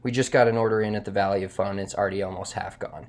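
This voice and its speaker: A man's voice: fairly low pitch, fast. Upbeat young man co-hosting a podcast. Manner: energetic, chatty storyteller who swears. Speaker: podcast co-host. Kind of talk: casual chat and read sponsor spots.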